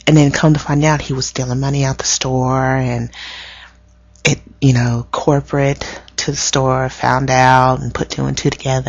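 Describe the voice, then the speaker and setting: A woman with a drawl talks straight into a dull, lo-fi webcam mic, her voice scratchy and hoarse with a gravelly fry underneath. She rants casually and profanely, exasperated, to her viewers. The sound is close and dry, with no room around it. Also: very deep voice, dry recording. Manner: animated, profane, exasperated storytelling. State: hoarse from spicy food. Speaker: vlogger. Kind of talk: casual storytelling rant.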